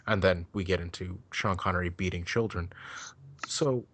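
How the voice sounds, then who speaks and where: Deep-voiced man rambling about a movie. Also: steady tone, normal speed, a bit bright. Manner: rambling, loose, swears freely. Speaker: podcast co-host. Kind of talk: casual chat.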